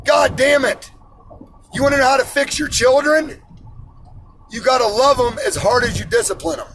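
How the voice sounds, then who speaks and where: A man's voice: extremely high pitch, brisk, a bit bright, slight background noise, rough recording. A man in his forties who works in iron, ranting bluntly and profanely about money and personal responsibility. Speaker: iron worker ranting on camera.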